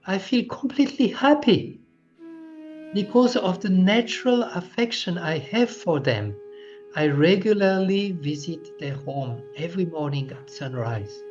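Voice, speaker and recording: A cheeky little cowherd boy, as a male reader voices him, full of defiance and quick to shout back taunts. His lines leap up high and loud with a lively, swinging pitch. The storybook reading has a dull lo-fi sound with faint music underneath. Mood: pleading.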